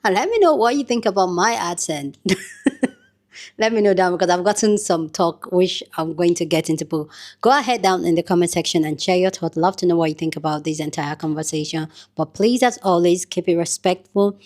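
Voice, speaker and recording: Woman, Nigerian accent, young adult, lower voice, chatty vlog commentary. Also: fairly quick, a little mellow. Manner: chatty, addresses viewers directly. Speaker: vlogger. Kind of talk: casual commentary to camera.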